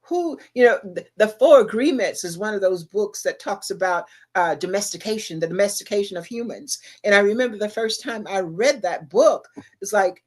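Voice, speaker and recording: On a casual livestream show, a middle-aged female co-host talks at normal speed in an expressive, medium-pitched voice. She keeps firing rhetorical questions at the listener, with an emphatic, slightly preachy tone.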